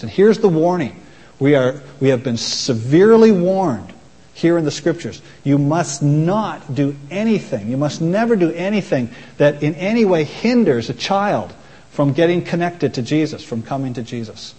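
A man preaching in a church, his voice mellow and a little husky, carried by the long reverb of a large hall. He speaks earnestly and deliberately, circling back to restart phrases as he explains the text. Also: fairly high pitch, lively intonation. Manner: earnest and measured, with frequent restarts. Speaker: pastor. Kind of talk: sermon.

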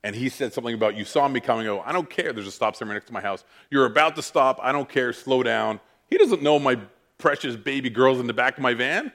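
Animated man telling a sermon story. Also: medium pitch, quick pace. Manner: animated, self-mocking storyteller. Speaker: pastor.

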